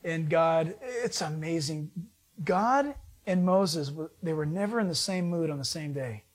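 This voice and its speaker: A man preaching a sermon in a folksy, joking way, telling stories with lively energy. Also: on the high side, measured pace. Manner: folksy, joking, animated storytelling.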